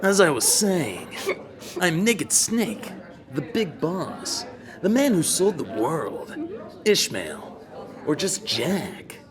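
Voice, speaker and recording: A man putting on the voice of a gruff, deadly serious male soldier spy, gravelly like a heavy smoker. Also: a little high, very animated, slow, a crowd in the background, voice pushed up. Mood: brooding.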